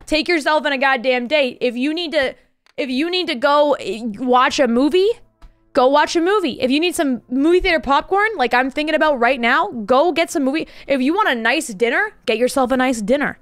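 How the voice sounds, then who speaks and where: A woman from Canada hosting a game stream, chatting loudly with friends, joking and swearing freely. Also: high-pitched, brisk, dry recording, studio quality. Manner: loud, brash, swearing and joking. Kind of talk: casual chat with friends.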